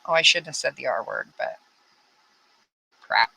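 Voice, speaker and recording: A woman's voice: low voice, a little slow, gravelly, pauses often, sharp tone, a little hiss or hum, poor audio. A woman hosting a casual true-crime commentary, rambling with blunt, frustrated asides. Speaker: true crime channel host.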